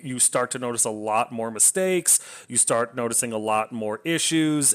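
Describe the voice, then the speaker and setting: A man's voice: medium pitch, a bit bright, clean tone. A man casually reviewing a novel, enthusiastic and rambling, often restarting his sentences. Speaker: book reviewer.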